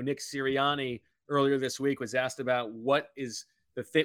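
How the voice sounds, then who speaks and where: A man's voice: mid-range voice, a bit bright, no room sound, clean studio sound. A man working as a football color commentator, opinionated and emphatic, who gets fired up about the calls.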